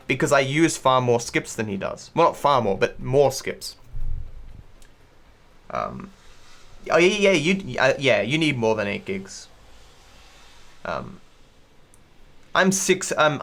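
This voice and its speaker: A male streamer from Australia talks in a middle-pitched voice with a blended accent that is hard to place. He rambles through casual livestream commentary, restarting sentences often and swearing freely. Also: fairly bright tone. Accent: mixed, not typically Australian.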